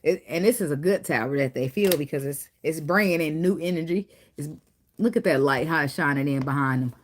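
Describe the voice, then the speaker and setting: Animated woman giving a casual tarot reading. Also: fairly quick. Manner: animated, swears freely, breaks into high acted quotes and laughter. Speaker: tarot reader.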